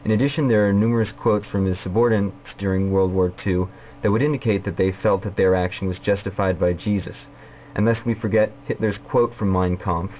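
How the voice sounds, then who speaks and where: A man vlogging a point-by-point rebuttal, halting and full of "uh" fillers. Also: lowish voice, steady tone, muffled recording, a little hiss or hum. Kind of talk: casual vlog rebuttal.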